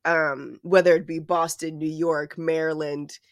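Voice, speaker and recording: A podcast co-host in casual chat who talks in an animated, profane, joking way. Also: medium pitch, measured pace, no echo, studio quality. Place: lives in New York City.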